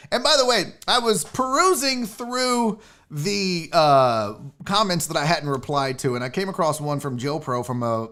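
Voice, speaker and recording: A man's voice: sits high, sharp tone. A man hosting his own sports show, talking casually in a rambling, jokey way and swearing freely. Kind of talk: casual livestream talk.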